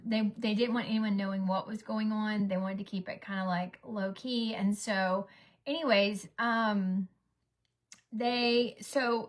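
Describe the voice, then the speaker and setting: A woman, chatting through a get-ready-with-me story as a rambling storyteller who drops to a whisper for asides. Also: medium pitch. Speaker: vlogger, mother. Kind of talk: casual get-ready-with-me chat.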